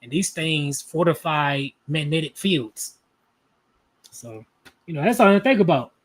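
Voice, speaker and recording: Casting: man in his thirties, high-pitched, loose and profane live-stream reader who thinks aloud. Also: lively intonation, a little slow. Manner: rambling, profane, thinks aloud and counts out loud. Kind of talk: casual live-stream chat.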